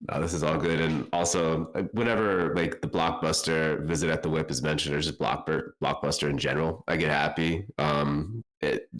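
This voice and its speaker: A man's voice: a bass voice, steady tone, normal speed, few pauses, fairly bright tone. A man co-hosting an online meetup in easygoing casual chat. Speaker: co-host.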